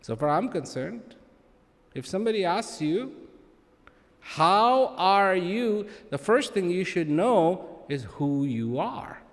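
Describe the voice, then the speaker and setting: Male speaker, unhurried and emphatic, swinging widely in pitch, playful humor, reverberant hall. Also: sing-song, a little mellow. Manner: slow, emphatic, with playful humor and dramatic pauses. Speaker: speaker addressing an audience. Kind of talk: spoken address to a live audience.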